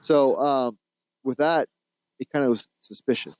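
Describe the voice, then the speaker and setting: A man's voice: medium pitch, measured pace, a little mellow, clear, resonant tone, dry recording, poor audio. A man co-hosting a podcast, casually retelling a movie plot in a rambling, laughing way, with restarts and the odd swear. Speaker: podcast co-host.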